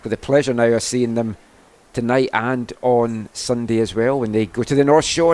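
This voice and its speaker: A man giving color commentary on a live women's football match, talking through the play in a relaxed, chatty way with frequent restarts. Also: medium pitch, moderate pace. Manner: chatty analysis with restarts and "I mean".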